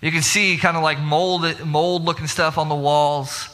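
Bright-voiced man preaching in a hall. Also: on the high side, fairly even intonation, unhurried. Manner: storytelling, self-mocking, rising to emphatic rhetorical questions. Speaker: pastor. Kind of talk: sermon.

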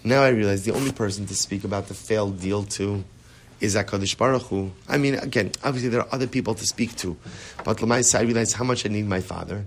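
A man teaching a Torah class, animated and rhetorical, often checking in with the listeners. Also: lowish voice, quick pace, slight background noise.

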